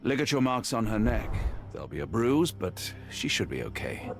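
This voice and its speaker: Calm doctor Watson. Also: male voice, lowish voice, gravelly, a little hiss or hum. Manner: calm, measured and practical. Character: Doctor Watson, steady male physician. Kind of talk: video game voice acting.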